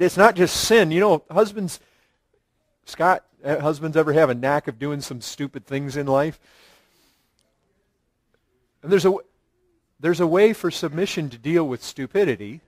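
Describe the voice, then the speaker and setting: Man, pastor, sermon, earnest and emphatic, higher voice, dry recording. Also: measured pace, pauses often, no echo. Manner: earnest preaching with rising emphasis and repeated phrases.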